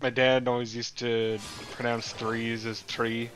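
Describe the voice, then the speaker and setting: A man's voice: medium pitch, level tone, unhurried, fairly bright tone, soft background music. A man chatting casually and bluntly, joking with friends on a game stream. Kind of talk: casual chat.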